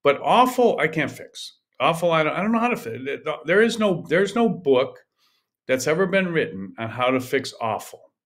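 A man's voice: on the high side, big pitch swings, moderate pace, fairly bright tone. An older man hosting a podcast, coaching in an emphatic, repetitive monologue that often restarts mid-sentence. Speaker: podcast host, golf coach.

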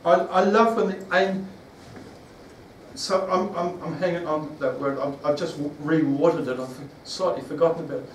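New guy preaching, voice a bit high, keeps restarting and quizzing the crowd, roomy echo, faint hiss behind. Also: normal speed. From New Zealand. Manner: rambling, with restarts and questions to the congregation. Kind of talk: sermon. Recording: echoey room, from far off.

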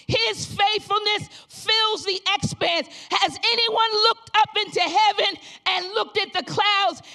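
A woman pastor preaching a sermon, shouting phrases in call and response and at times dropping to a low, quick, intimate voice.

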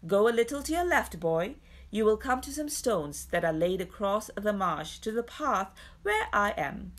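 A woman's voice: medium pitch, big pitch swings, normal speed. A woman voicing a kindly, firm lantern-bearer. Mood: steady. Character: honest kindly male marsh guide with lantern.

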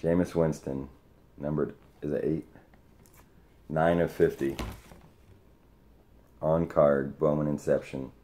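Super deep voiced guy opening card mail, excited, faint hiss behind him. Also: takes it slowly, long pauses. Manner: excited, talks to the sender directly. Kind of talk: casual unboxing vlog.

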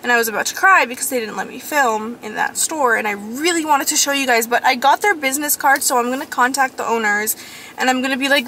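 High-voiced chatty woman vlogging from her car. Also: fast, a little hiss or hum. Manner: excitable, chatty, full of "like" and "oh my god". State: sniffly, a little congested. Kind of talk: casual vlog chat. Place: in a car, driving.

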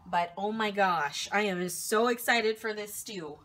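A woman's voice: medium pitch, lively intonation, normal speed, hardly any pauses, bright, forceful tone, slight background noise. A woman chatting playfully while cooking in her home kitchen, talking to her food as she goes. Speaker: cooking vlogger. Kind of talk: casual chat while cooking.

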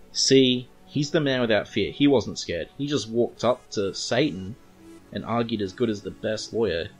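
A man's voice: fairly low pitch, lightly acted. An Australian-accented man reading out a brash male caller's lines in his own voice, full of chatty rhetorical asides. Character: brash male call-in listener, know-it-all.

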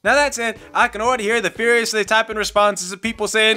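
A woman's voice: on the high side, fairly quick, few pauses, sharp tone, soft background music. A woman giving casual spoken commentary, rambling and sardonic as she spins a story. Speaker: video commentator.

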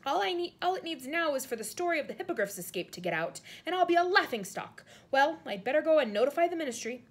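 A woman's voice: sits high, big pitch swings, quick pace, pitched above the performer's own voice. A woman voicing a flustered, blustering male government minister. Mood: fretful. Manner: blustering, barking.

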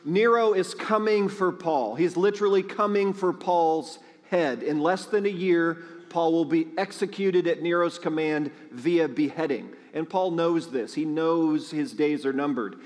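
A man's voice: on the high side, measured pace, hardly any pauses, a little mellow. A man preaching to his congregation, chatty and storytelling, often asking the people questions. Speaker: pastor. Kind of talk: sermon with announcements. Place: large church sanctuary. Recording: long hall reverb.

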